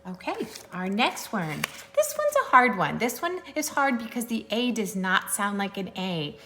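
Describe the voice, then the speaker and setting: In a recorded sight-word lesson for young children, a woman teacher spells words slowly and clearly with a playful sing-song lilt. Her voice is mid-range and a bit bright.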